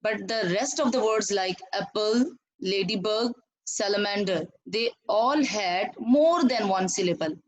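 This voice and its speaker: A woman's voice: mid-range voice, measured pace, few pauses, poor audio. A woman teacher with a Pakistani English accent, giving a recorded lesson and explaining step by step, often repeating herself and asking the students questions.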